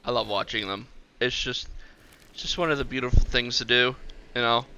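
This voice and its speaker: Streaming a park-building game, a man rambles chattily as he plays and talks to the on-screen animals. His mid-range voice is pushed and bright at a moderate pace, with slight background noise.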